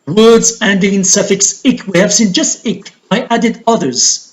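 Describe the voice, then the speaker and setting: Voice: mid-range voice, unhurried, low-quality recording. An English teacher with an Algerian accent, giving a recorded lesson and explaining step by step, asking questions and answering them.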